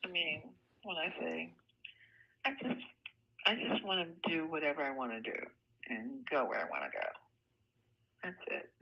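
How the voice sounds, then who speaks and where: An older woman with a soft, light voice, talking bluntly and laughing often in a casual phone conversation. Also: low-pitched, wildly swooping pitch, normal speed, pauses often, slight background noise. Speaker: home seller on a phone call. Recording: tinny phone line.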